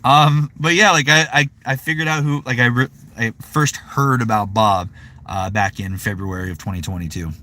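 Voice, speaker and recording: A man's voice: mid-range voice, steady tone, normal speed, pushed and bright. A man in his thirties chatting casually on a live stream, rambling with lots of fillers. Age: 30s. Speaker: voice actor streaming.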